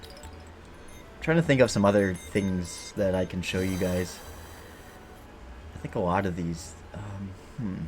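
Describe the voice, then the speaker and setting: A man's voice: low voice, slow pace, pauses often, a little mellow, soft background music. A man streaming a game, chatting casually and rambling, joking and swearing freely as he plays. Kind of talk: casual gameplay commentary.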